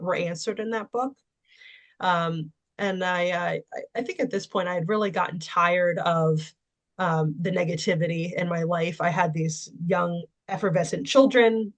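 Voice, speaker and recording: A woman guest telling her personal story in conversation, candid and anecdotal, with frequent fillers. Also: on the low side. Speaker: interview guest.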